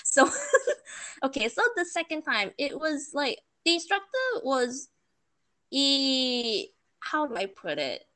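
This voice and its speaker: Animated young woman, lively pitch. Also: unhurried. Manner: animated, laughing storyteller, sarcastic asides. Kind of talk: casual chat.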